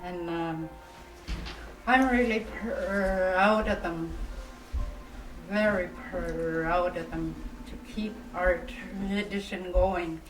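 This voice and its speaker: Slow-spoken older woman, echoey room. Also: fairly low pitch, fairly even intonation, music in the background. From Inuvialuit Settlement Region, Canada. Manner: soft-spoken, pauses often, laughs warmly. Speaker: Elder storyteller. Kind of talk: relaxed reminiscing. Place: workshop room. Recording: echoey room, distant mic, faint hum.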